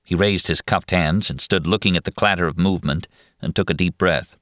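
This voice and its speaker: Very deep-voiced male narrator. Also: no room sound, clean studio sound. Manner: steady, measured first-person telling. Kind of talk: audiobook narration.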